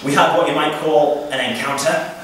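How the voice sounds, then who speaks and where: A man's voice: on the high side, steady tone, moderate pace. A young man with a Geordie accent doing a stand-up comedy set, telling rambling, self-deprecating stories. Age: young adult. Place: student comedy club room. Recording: echoey room, distant mic, noisy. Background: audience laughter.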